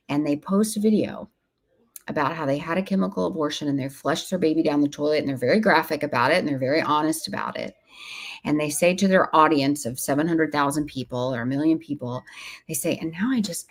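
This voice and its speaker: A woman speaking as an interview guest, earnest and emphatic, sometimes acting out what other people say. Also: low-pitched. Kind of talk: casual interview talk.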